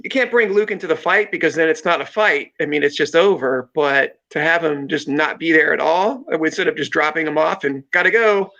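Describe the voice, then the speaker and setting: A man with a bright, tense, fairly high voice chats easily and laughs along with the others. The sound is dull and lo-fi, like a streamed call. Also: fairly quick, vocal fry, few pauses. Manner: easygoing, laughs often, agrees a lot. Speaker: co-host. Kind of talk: casual fan chat on a live show.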